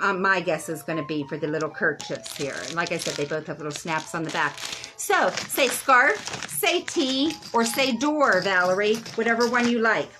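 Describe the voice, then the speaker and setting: A woman's voice: mid-range voice, noisy background. A middle-aged woman hosting a live sale stream, chatty and rambling, laughing at her own jokes.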